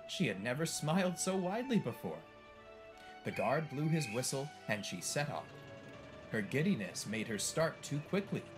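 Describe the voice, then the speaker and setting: A man narrates a storybook in an expressive, animated way. His voice sits at a middling pitch and rises and falls constantly. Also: normal speed, over music.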